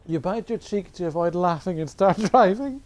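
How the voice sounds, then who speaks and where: A woman's voice: fairly low pitch, expressive, moderate pace, darkish tone, faint music behind. A woman streaming a game, reading the on-screen text aloud and often breaking into helpless laughter until she is in tears. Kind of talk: let's play with read-aloud narration.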